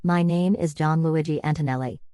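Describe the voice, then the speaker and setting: A woman's voice: low voice, fairly even intonation, normal speed, mellow, no echo, studio quality, natural voice. Woman reading as a coldly polite mob heavy. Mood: menacing. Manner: mocking, formal. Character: massive menacing male mob enforcer, coldly polite.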